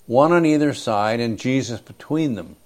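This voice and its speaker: A man preaching an expository sermon, reading scripture and commenting with emphatic pauses and frequent throat clearing. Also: medium pitch, darkish tone.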